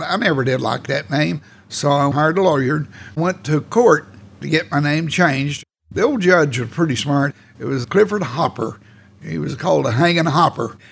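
An Oklahoma man in his 80s, fairly high-pitched and gravelly, is being interviewed for an oral history. He tells his life story as a casual reminiscence, folksy, rambling and plainspoken.

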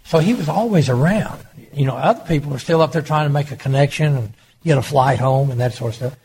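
Here the older former governor from Oklahoma talks quickly in a voice on the high side, a little mellow, spinning anecdotes for an interviewer and acting out the dialogue. Audio quality is poor, with some background noise.

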